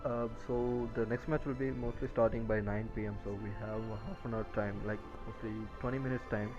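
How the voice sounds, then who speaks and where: A man co-casting a live mobile game tournament, giving steady, measured analysis of the plays. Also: mid-range voice, lo-fi sound, music in the background. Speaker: esports co-caster.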